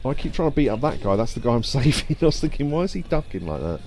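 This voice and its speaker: Mellow-voiced man streaming a game. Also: medium pitch, big pitch swings, fast talker. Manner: chatty, laughs often, reads game text aloud. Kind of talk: casual let's-play commentary.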